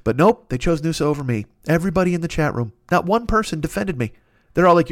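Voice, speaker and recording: A man rattles off a comic rant at a fast clip, swearing freely and poking fun at himself. His voice sits a bit high for a man. The sound is dry, with no room tone. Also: lively intonation, no room sound. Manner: profane, ranting, self-mocking. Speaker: podcast host. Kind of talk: comedic storytelling monologue.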